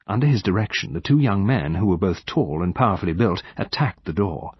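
A man narrates an audiobook in a low, husky voice, with an expressive, dramatic reading. His pitch moves a lot, and the recording sounds dry and dull, as if lo-fi. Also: a little fast, dry recording.

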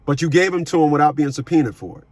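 A middle-aged man who coaches people on child support, talking forcefully on a call, cursing and repeating words as he starts sentences. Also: on the high side, rapid-fire, dry recording. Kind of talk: phone consultation with a caller.

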